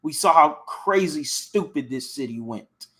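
Excitable young Houston sports fan. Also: male voice, on the high side, measured pace. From Houston, Texas. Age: young adult. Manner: passionate, excitable, repeats himself. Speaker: sports podcast co-host. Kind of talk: casual sports chat.

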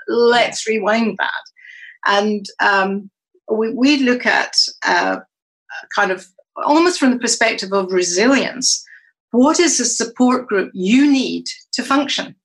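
As a guest on a podcast, this middle-aged psychologist and coach is a lively storyteller who performs the quoted lines herself. She speaks a little slowly in a fairly high voice, and the audio is poor.

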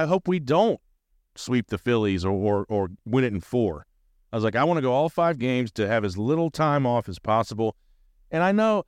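A fired-up man talking sports on his podcast, rambling from one thought to the next and swearing freely. His voice is smooth and resonant at a middle pitch, recorded dry and close. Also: no echo. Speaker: podcast host. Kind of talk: casual sports fan talk.

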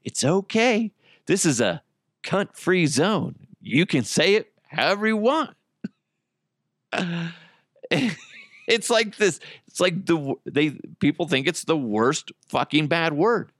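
A man's voice: fairly high pitch, big pitch swings, takes it slowly, a bit bright, no echo, clean studio sound. Profane, rambling man hosting a podcast. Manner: profane, rambling, frequent laughter. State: high on cannabis. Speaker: podcast host. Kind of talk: rambling solo podcast monologue.

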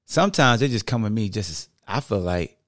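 A man's voice: fairly low pitch, animated, brisk, fairly bright tone, no room sound, clean studio sound. A man hosting a podcast, talking casually into a microphone and acting out what fans say to him. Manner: conversational, acts out quoted fans. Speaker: podcast host.

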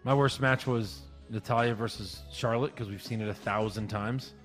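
A man co-hosting a casual wrestling podcast, agreeable and animated, with short reactions and goofy asides. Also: fairly low pitch, normal speed, faint music behind. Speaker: podcast co-host. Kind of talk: casual wrestling recap chat.

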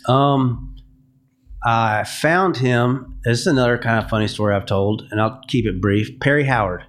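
A man's voice: mid-range voice, moderate pace. A man, a music publisher, giving a podcast interview and telling candid stories, acting out what people said to him. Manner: candid storytelling, acts out quoted dialogue.

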